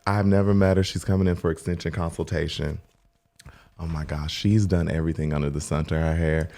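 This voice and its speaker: A man with a very low voice, co-hosting a casual podcast about hairdressing. He tells stories with animated energy and often breaks into laughter. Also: fairly quick, gravelly. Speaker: hairstylist and podcast co-host. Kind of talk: casual storytelling chat.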